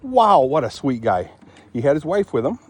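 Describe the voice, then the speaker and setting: A middle-aged man from Michigan, talking in a rambling, chatty way and often clearing his throat. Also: on the high side, big pitch swings, moderate pace, no room sound. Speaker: vlogger. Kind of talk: rambling casual chat.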